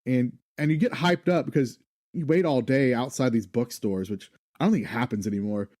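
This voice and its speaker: A man's voice: mid-range voice, normal speed, darkish tone, dry recording, studio quality. A man who is a guest on a podcast, telling stories with eagerness in casual chat. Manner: enthusiastic storyteller.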